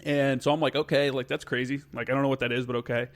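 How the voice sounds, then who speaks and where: Man, from Tennessee, podcast guest, casual storytelling, relaxed, swears freely. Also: mid-range voice, quick pace. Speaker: podcast guest, Marine instructor.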